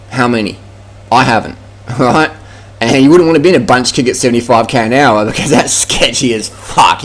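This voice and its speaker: An Australian man ranting casually to camera about cycling, blunt, profane and mocking. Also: medium pitch. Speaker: cycling vlogger.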